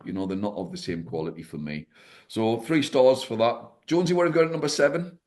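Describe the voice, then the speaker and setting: A man's voice: medium pitch, a little mellow. A man co-hosting a casual music podcast, speaking hesitantly with lots of fillers and restarts. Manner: hesitant, halting with many fillers. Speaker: podcast co-host. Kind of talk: casual music review chat.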